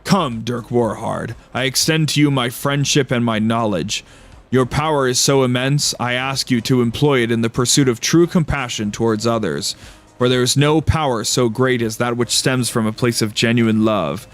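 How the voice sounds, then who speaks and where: An otherworldly being of light speaks slowly and solemnly, as a man puts it on while reading aloud. When struck it breaks into squeaky, panicked cries. The voice is mid-pitched for a man. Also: close to an everyday voice. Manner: solemn and slow, then squeaky and panicked in pain. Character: serene cosmic being of light, genderless.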